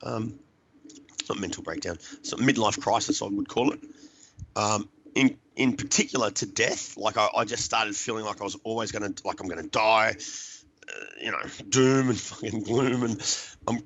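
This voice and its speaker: A middle-aged man, a podcast guest, earnestly telling a personal recovery story with halting restarts. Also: lowish voice, fairly bright tone, husky, poor audio. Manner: earnest, halting, repeats words while searching.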